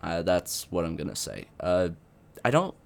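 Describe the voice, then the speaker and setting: A man's voice: sits low, very animated, normal speed, creaky. A young man giving unscripted commentary on a video game update, rambling with many fillers and restarts. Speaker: gaming youtuber.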